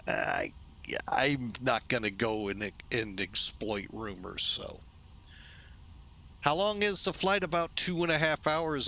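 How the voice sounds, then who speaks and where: A man from St. Louis talks through a flight-sim session at an unhurried, drawn-out pace. His voice is bright and forward. He rambles, corrects himself and drops joking asides as he goes. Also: mid-range voice. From St. Louis, USA. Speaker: flight sim video host. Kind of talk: casual narrated flight-sim walkthrough.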